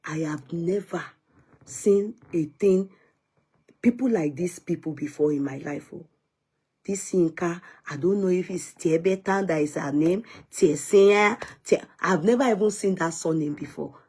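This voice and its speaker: A woman's voice: on the low side, measured pace, darkish tone, breathy edge. A Nigerian woman vlogger chatting casually to her viewers, answering commenters and slipping in Yoruba phrases.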